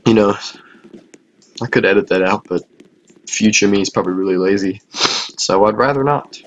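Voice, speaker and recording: A man's voice: fairly low pitch, normal speed, fairly bright tone, slight background noise, poor audio. A man giving casual, self-mocking let's-play commentary on a game, talking to viewers and laughing often. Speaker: gaming YouTuber.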